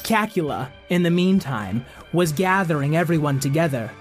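A man's voice: on the high side, normal speed, music in the background. Playful man telling a kids' story. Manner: playful, expressive, asks the child questions. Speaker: host and storyteller. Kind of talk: improvised children's story.

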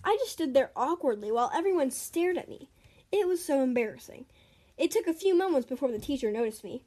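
A woman's voice: high-pitched, expressive, fairly quick, warm tone. A young woman reading her own stories aloud in a chatty way, breaking off for giggly asides. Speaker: storyteller.

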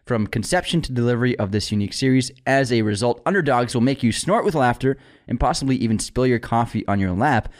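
Man, co-host, casual chat, opinionated, joking, mid pitch. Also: animated. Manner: chatty, opinionated, quick to joke. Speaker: movie news co-host.

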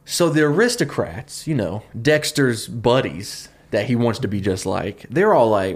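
A man telling a story on a comedy podcast, talking fast and loosely. He piles on fillers and jokes as he goes. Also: mid-range voice. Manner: fast, animated retelling with fillers and laughs. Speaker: podcast co-host pitching a story.

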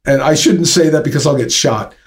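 A man with a fairly high voice speaks briskly as an interview guest, the founder of a drum company. He tells a long, casual story, rambling with lots of fillers and restarts.

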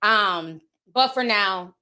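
A woman's voice: mid-range voice, takes it slowly, pushed and bright. A woman livestreamer reading out viewer donations in a casual, candid and outspoken way.

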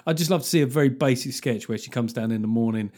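A middle-aged man hosts his podcast alone at a mid-pitched, ordinary speaking level. He rants and swears freely, and he swings into mock outrage as he reads listener reviews. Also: fast talker, mellow. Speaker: podcast host. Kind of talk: casual comic monologue.

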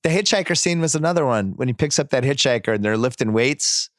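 A man hosting a podcast, casually recapping a TV series and acting out scenes with quick put-on voices. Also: mid-range voice, no room sound, studio quality. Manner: animated retelling, acts out scenes in quick voices. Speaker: podcast host.

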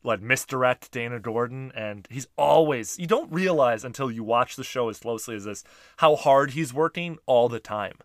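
A man's voice: mid-range voice, lively intonation, moderate pace, dry recording, studio quality. A man hosting a podcast, chatting casually and steering the talk with questions. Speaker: podcast host. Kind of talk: casual chat.

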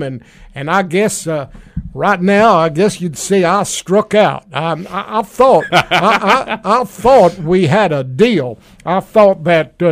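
A man putting on a rambling older Texan oilman who was pushed out as top diplomat. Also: on the high side.

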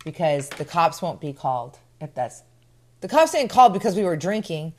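A woman's voice: low-pitched, sing-song, normal speed, darkish tone. A middle-aged woman co-hosting a casual chat show, talking frankly and teasing with sarcasm. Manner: chatty, sarcastic, talks openly about prices. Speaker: co-host.

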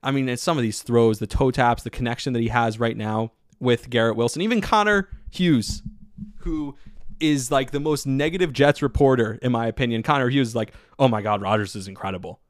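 A man hosting a solo sports podcast, talking in an excitable, rambling way with lots of filler words. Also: medium pitch, fairly quick, dry recording, clean studio sound. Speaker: podcast host.

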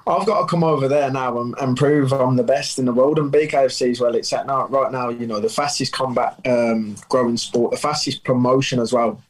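A man's voice: mid-range voice, a little fast, hardly any pauses, poor audio. Cocky man from the UK on a call. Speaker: guest fighter. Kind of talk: remote interview. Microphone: video call.

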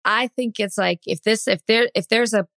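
A woman co-hosting a podcast, giving her opinions in a measured, deliberate way. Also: fairly high pitch, fairly bright tone, dry recording, studio quality. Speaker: podcast co-host. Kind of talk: casual podcast discussion.

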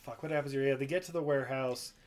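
A man's voice: mid-range voice, steady tone, rapid-fire, darkish tone. A man casually recapping a movie plot in a rambling, profane way, acting out the characters in raised voices. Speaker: podcast co-host.

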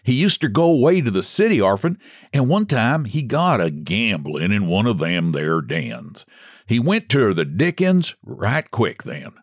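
Man voicing a folksy country hunting guide, rustic dialect, slow drawl, lively pitch. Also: no echo, studio quality, heavily acted.

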